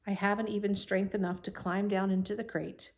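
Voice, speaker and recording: A woman reading aloud plays a wise spider in a soft storybook voice, quiet and calm. She talks low and steady, gently soothing. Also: a little fast, close to an everyday voice. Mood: gentle.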